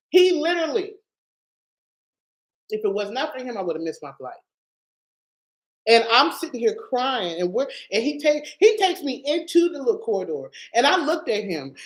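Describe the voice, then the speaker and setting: A woman telling a personal faith testimony in a lively, expressive way, laughing often and calling her listeners y'all. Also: medium pitch. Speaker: Christian speaker sharing a testimony. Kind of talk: animated personal storytelling. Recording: echoey room.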